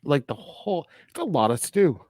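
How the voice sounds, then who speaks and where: A man co-hosting a film review podcast in casual chat, animated and laughing often as he retells scenes. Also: fairly high pitch, normal speed, a little hiss or hum. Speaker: podcast co-host reviewing films.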